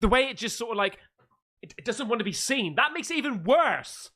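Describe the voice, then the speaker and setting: A man hosting a reaction video, exclaiming and swearing loudly as he reacts to scary clips. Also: extremely high pitch, brisk. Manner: excitable, swearing, loud exclamations.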